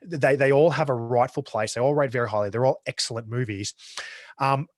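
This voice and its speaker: With a mid-range voice and a slightly quick delivery, an Australian co-host chats enthusiastically about a war film, often backing up to restart his sentences. The audio is dry and studio-clean.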